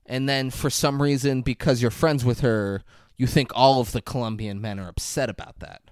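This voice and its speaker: A man co-hosting a podcast, ribbing his co-host with deadpan jokes and casual swearing. He speaks at a middle pitch, and the recording is dry and close. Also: normal speed, smooth, no room sound. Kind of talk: casual chat, retelling a movie.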